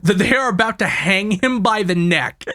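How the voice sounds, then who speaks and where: A man's voice: high-pitched, expressive, moderate pace, bright, forceful tone. A man casually retelling a movie plot to friends, rambling, swearing and laughing. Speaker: podcast host, main recapper. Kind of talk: casual movie recap chat.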